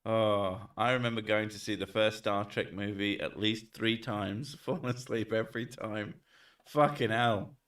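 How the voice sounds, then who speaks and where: A man's voice: lowish voice, fairly even intonation, unhurried, a bit bright, far from the mic. A man streaming and chatting casually, joking, swearing and reading chat messages aloud.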